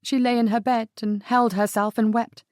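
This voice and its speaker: A woman reads an audiobook in a fairly high voice, with an even, intimate delivery. The sound is dry and close, with no room echo. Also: moderate pace. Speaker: audiobook narrator. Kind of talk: scripted narration.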